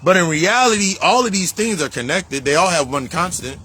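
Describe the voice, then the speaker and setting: Husky, high-voiced male life coach. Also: brisk, sharp tone, rough recording. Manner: emphatic, profane, repetitive street talk. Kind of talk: casual spiritual coaching monologue.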